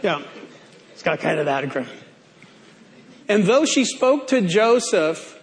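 High-voiced preacher, slow and deliberate. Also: male voice, big pitch swings. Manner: playful, stretches key words out for emphasis. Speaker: pastor. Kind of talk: sermon.

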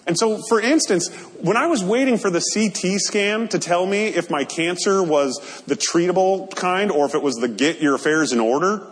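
A man's voice: high voice, lively intonation, moderate pace, few pauses. A male pastor preaching a sermon in an earnest, conversational way, often checking in with his listeners. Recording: long hall reverb.

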